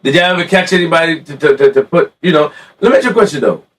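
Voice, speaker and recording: A male podcast host grills his guest with pushy, disbelieving questions, often raising his voice. He talks fast at a high pitch. His voice comes from a distant mic. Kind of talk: interview questioning.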